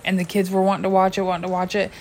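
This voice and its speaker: A woman in casual chat, animated, swearing freely and acting out her own reactions. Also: mid-range voice, very fast, rough recording.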